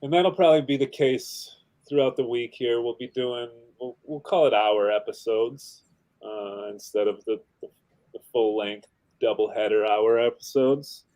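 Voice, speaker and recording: A man's voice: medium pitch, moderate pace, mellow, poor audio. A man hosting a casual livestream show, chatting in a laid-back, rambling way with lots of fillers. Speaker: podcast host.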